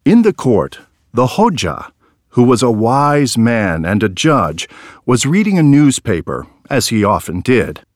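A man reads a children's story aloud, taking his time and letting his pitch rise and fall widely. The sound is dry and close with no room around it. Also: no echo. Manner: slow, lively, expressive reading. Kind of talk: scripted storybook narration.

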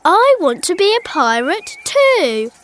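A woman's voice: very high voice, big pitch swings, takes it slowly, voice pushed up, heavily acted. A woman voicing an eager little boy who joins in a pirate game, in a children's story reading.

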